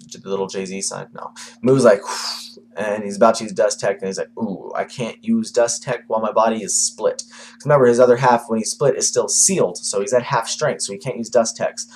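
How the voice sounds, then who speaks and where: A man's voice: on the low side, steady tone, fairly quick, a little mellow, a little hiss or hum. Rambling, swearing male manga reviewer. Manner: rambling, filler-heavy, swears casually. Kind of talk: casual video review. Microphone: camera.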